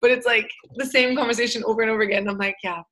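A woman from Montreal chats as a guest on a podcast. Her voice sits a little high, and she rambles, fills her talk with "like" and breaks into laughter often. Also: steady tone, very fast, a bit bright. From Montreal, Canada. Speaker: podcast guest, yoga teacher. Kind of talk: casual interview chat.

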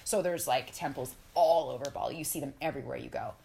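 Low-voiced animated spiritual woman. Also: fast talker, creaky, breathy edge. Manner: animated storyteller, big excited jumps in pitch; spiritual, talks of energy and spirits. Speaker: podcast guest. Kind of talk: casual chat.

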